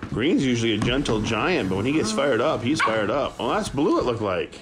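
A man who breeds dogs, chatting casually to viewers while filming his puppies at play and often cooing to them in a high voice. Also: big pitch swings, brisk, over loud music. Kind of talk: casual running commentary to viewers.

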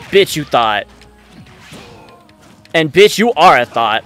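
A man giving live commentary on his own gameplay, excitable and frustrated, swearing often. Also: fairly high pitch, takes it slowly, long pauses. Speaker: let's play gamer. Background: faint game music.

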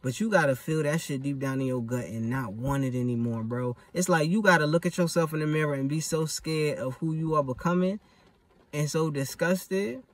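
A man's voice: on the high side, moderate pace, no echo, distant mic. A young man talking in a casual vlog monologue, emphatic and profane, full of street slang. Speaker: vlogger.

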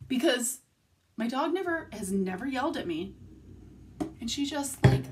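A woman's voice: high-pitched, lively intonation, measured pace. A young woman vlogging casually from home at night, rambling through tangents and swearing often. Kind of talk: casual confessional vlog. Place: home room, filmed at night.

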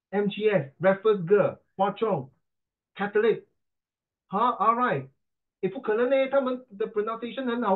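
Chatty Singaporean tutor, middle-aged man, higher pitched, heard through a thin call connection. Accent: Singaporean English. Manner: chatty, teasing, mixes in Mandarin. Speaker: English pronunciation tutor. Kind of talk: online class coaching. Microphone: video call. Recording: tinny video call line.

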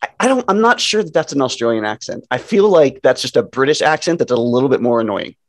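Guy joking around on a podcast, normal pitch, keeps stopping and restarting, laughs through it. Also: expressive. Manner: joking, halting restarts, laughs mid-sentence. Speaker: podcast co-host. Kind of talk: casual chat.

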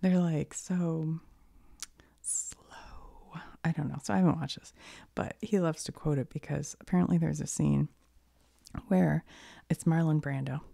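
A woman with a cold chatting in a soft-spoken ASMR style, half-whispering and rambling, laughing often, close to the mic. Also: low-pitched, fairly even intonation, moderate pace, gravelly, no echo. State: has a cold. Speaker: ASMR creator.

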